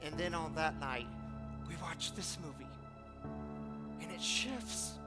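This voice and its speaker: Loud music sits behind this middle-aged man's fairly high voice as he speaks slowly. Leading a recovery group, he offers an earnest motivational talk and acts out pleading lines with rising intensity.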